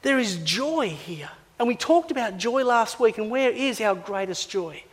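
An Australian man preaching a sermon, animated and playful, acting out little scenes. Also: high voice, a little slow, breathy edge, big-room sound. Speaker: pastor.

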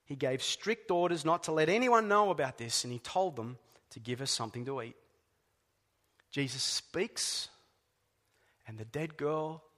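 Male pastor, high voice, slow and emphatic sermon delivery, long hall reverb. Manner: deliberate, emphatic preaching with soft, hushed drops.

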